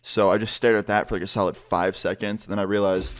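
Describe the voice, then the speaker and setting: Young male vlogger, lowish voice, easygoing storyteller for a storytime video. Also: fast, slight background noise. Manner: relaxed, loose, filler-heavy delivery. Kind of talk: casual storytelling.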